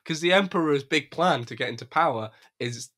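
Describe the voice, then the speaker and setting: A man's voice: a little high, fairly quick, fairly bright tone. A man co-hosting a podcast in casual chat, rambling and profane, laughing often. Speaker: podcast co-host.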